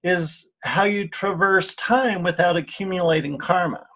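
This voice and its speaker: A man's voice: high-pitched, a little slow, pushed and bright. A man being interviewed on a radio show, telling earnest personal stories with frequent restarts and repeated words. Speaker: interview guest. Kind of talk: radio interview, spiritual healing talk.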